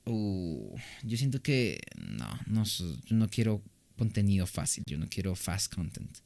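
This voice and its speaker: A man's voice: on the low side, very animated, moderate pace, vocal fry, darkish tone. Laid-back young man chatting on a stream. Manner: rambling, loose and joking, with frequent restarts. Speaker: streamer answering chat. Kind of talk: casual live-stream chat. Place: home recording room.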